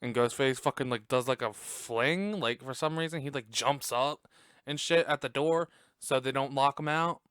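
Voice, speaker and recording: On a close desk mic in his home, a male podcast host chats through a movie recap, laughing often and swearing freely. His voice sits at medium pitch, fairly bright and clean, at a moderate pace. There's no room sound.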